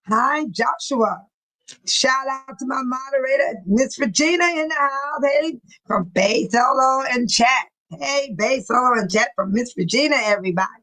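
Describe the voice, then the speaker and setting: A woman's voice: high voice, pushed and bright, rough recording. A woman hosting a casual livestream, reading viewer comments aloud, greeting people by name and laughing often. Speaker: livestream host.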